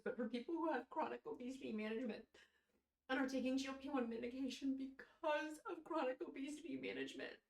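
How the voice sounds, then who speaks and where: A woman's voice: on the high side, echoey room. A woman talking straight to camera in a vlog, tearful and heartfelt, rambling with fillers. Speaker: vlogger. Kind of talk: emotional casual vlog. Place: at home, in her robe.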